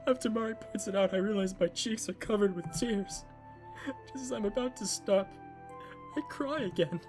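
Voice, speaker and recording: A man's voice: sits high, expressive, fairly quick, faint music behind. A man reading a visual novel aloud in a dramatic way, slipping in joking asides. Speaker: game narrator.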